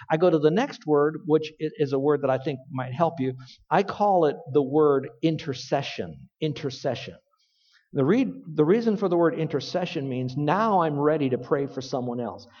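A man preaching a sermon in a large hall, his voice set a bit high and carried by a long echo. He speaks earnestly and plainly, then breaks into loud, emphatic bursts. The sound is somewhat dull.

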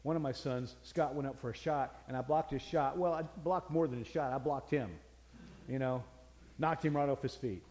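A man's voice: medium pitch, moderate pace, a little mellow, slight background noise. Folksy older male preacher in a hall. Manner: folksy storytelling, earnest. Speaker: pastor. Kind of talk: sermon.

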